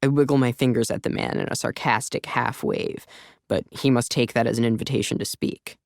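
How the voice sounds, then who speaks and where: A male narrator reads a first-person story in a wry, conversational way, with a gravelly edge to a voice of ordinary pitch. The studio sound is dry and close, with no room around it. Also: brisk, no room sound. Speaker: audiobook narrator. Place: recording studio.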